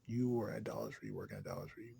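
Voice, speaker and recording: A man ranting in a rambling, profane, casual way, drifting between low mutters and louder outbursts. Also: huge pitch swings, quick pace, vocal fry, slight background noise. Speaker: vlogger.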